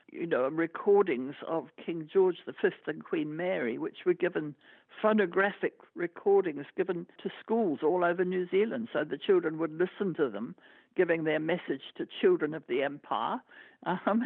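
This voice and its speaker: A man explains as an expert in an interview, thoughtful and restarting his phrases. His fairly high voice sounds tinny and phone-like and very dry. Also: vocal fry, no echo.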